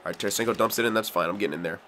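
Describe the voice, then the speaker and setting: A young man giving frustrated, excitable play-by-play commentary while playing a video game, swearing often. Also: lowish voice, rapid-fire. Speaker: gaming commentator.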